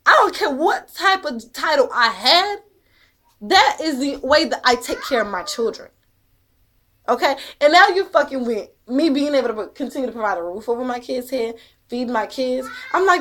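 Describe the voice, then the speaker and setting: A woman with a high-pitched voice tells a personal story in an emphatic, heated way. She swears freely and drives each point home with "okay?". Her delivery is raw and conversational. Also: very animated, normal speed, a bit bright. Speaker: mother telling a personal story. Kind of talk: emotional first-person storytelling.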